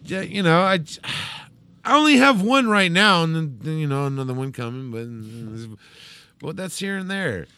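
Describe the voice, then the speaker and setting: A man's voice: fairly high pitch, lively intonation, unhurried, bright, forceful tone, clean tone. A man co-hosting a podcast in a casual chat, laid back, swearing a lot and trailing off. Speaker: podcast co-host.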